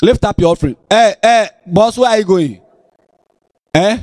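A man's voice: high voice, moderate pace, no room sound, studio quality. A man with a Ghanaian accent preaching a sermon as pastor in a church, scolding and teasing his congregation. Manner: animated, scolding, playful.

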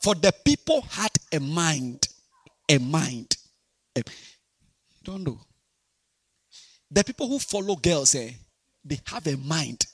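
A man preaching a sermon to young people, animated and repetitive, swinging between quiet talk and shouting. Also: a little high, slow, pauses often, husky, no echo, clean studio sound. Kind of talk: sermon to a youth congregation.

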